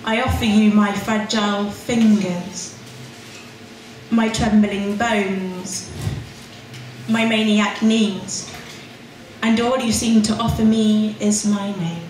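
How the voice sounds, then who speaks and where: A woman's voice: medium pitch, steady tone, slow, long pauses, darkish tone, a little hiss or hum. A young woman performing her spoken word poetry at a pub open mic, with rhythmic, emphatic delivery. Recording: echoey room recorded from far off.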